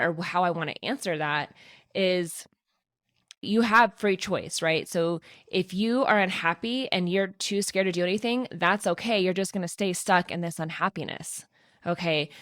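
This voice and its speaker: A woman podcaster talks candidly to her listeners in a slightly low voice and is close to tears at times. Her talk is frank and heartfelt, with a lot of "like" and "right?" The recording is dry and close, with no room sound. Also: a bit bright, no room sound. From Colorado, USA. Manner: candid and emotional, talking through tears. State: tearful at times. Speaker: podcast host. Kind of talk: personal podcast monologue.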